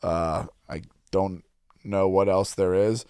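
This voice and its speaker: A man's voice: low-pitched, steady tone, takes it slowly, darkish tone, clear, resonant tone, dry recording. A man hosting a podcast in casual banter, swearing a lot and joking boastfully, in a studio. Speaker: podcast host.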